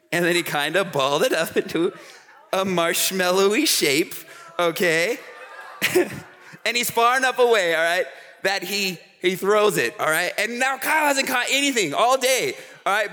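A man preaching a youth sermon at a camp, telling stories in an animated way and checking in with the crowd with "okay?" and "all right?". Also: high voice. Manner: animated storytelling with frequent "okay?" asides. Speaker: camp speaker. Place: large hall with an audience. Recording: hall reverb.

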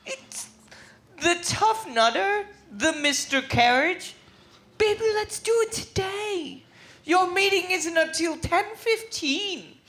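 A woman's voice: very high-pitched, fairly bright tone, full character voice. A woman playing an eager, doting young wife in an improv comedy scene, giggly and coaxing.

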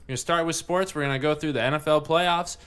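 A man's voice: a little high, fairly even intonation, quick pace, a bit bright, smooth. A man hosting a casual podcast, chatting and joking loosely while tasting beer. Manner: rambling, swears, laughs a lot. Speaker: podcast host.

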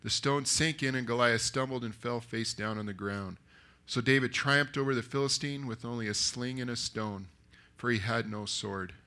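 A man preaching a sermon that retells a story, lively and acting out the characters' lines. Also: mid-range voice, moderate pace. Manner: animated, acts out the characters. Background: live audience.

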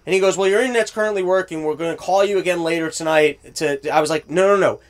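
Man, high voice, exasperated profane storyteller in casual talk, plays both parties of a call. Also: quick pace. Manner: profane, exasperated ranting, acts out both sides of calls. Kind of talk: casual chat.

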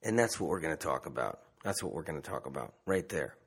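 A man's voice: extremely low pitch, very animated, fast, breathy edge. A man who works as a medium, talking in a casual, rambling monologue, repeating himself and asking rhetorical questions. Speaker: self-described medium.

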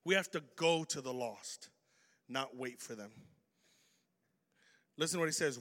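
A man preaching an energetic sermon, telling a story and swinging between loud bursts and hushed lines. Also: mid-range voice, a little slow, pauses often. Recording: reverberant hall.

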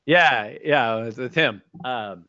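A man co-hosting a podcast, recapping an episode in casual chat, rambling and dropping into quick impressions. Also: medium pitch, sharp tone. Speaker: podcast co-host. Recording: dull lo-fi audio.

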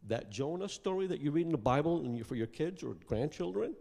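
A middle-aged man from Iraq preaching a sermon testimony, impassioned and building to shouts at its peaks. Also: fairly high pitch, lively intonation, a little fast, gravelly, hardly any pauses. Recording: long hall reverb.

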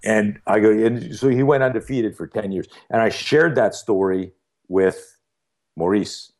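A man with a very low, deep voice tells a story as an interview guest. He talks casually and acts out the dialogue, stopping often for fillers. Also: measured pace. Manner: animated storyteller, many fillers and quoted dialogue. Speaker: podcast guest.

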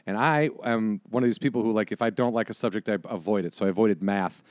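On a dry recording, a man in his forties with a lowish voice talks fast during a casual podcast chat. He tells stories energetically and acts out the quoted lines.

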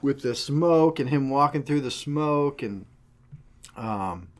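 A man's voice: mid-range voice, expressive, slow pace. A man casually co-hosting a podcast, easygoing and hesitant, with many "uh"s and "um"s. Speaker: podcast co-host. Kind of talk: casual movie ranking chat.

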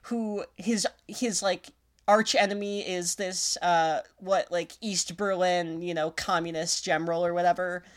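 A woman's voice: fairly low pitch, unhurried. Young woman, podcast co-host, casual profane banter. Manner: swearing, animated, laughing while talking. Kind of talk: casual chat.

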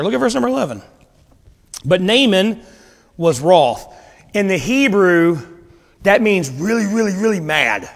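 A male preacher giving a sermon, retelling a scripture story in a casual, animated way with dramatic pauses. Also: high voice, long reverb tail.

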